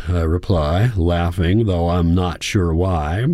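An audiobook narrator with a very low voice reads a scripted first-person story, calm and measured. The recording is dry and close, with no room sound.

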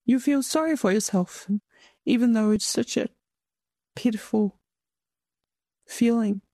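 A middle-aged woman answers an interviewer's questions, her voice pitched a little high and recorded close and dry. She speaks haltingly, searching for words as emotion rises in her. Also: dark tone, dry recording. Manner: tearful, halting, reflective. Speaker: interviewee, mother of a donor-conceived child.

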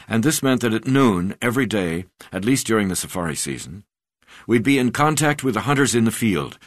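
A man narrating a memoir as an audiobook in a measured, even storytelling manner. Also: low voice, dry recording, clean studio sound.

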